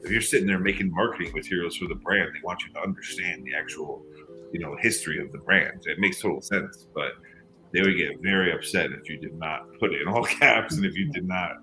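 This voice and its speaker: Deep, bright-toned emphatic guy. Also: fairly quick, slight background noise. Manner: emphatic, slangy, says dude a lot. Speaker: guest on livestream. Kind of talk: casual chat.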